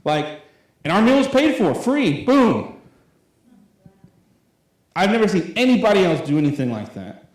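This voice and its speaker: A man's voice: high voice, sing-song, measured pace, pauses often, darkish tone. A young youth pastor in his late twenties, preaching a sermon in a loose, conversational way with lots of fillers. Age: 20s. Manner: rambling and conversational, full of fillers. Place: church hall. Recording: very echoey church room.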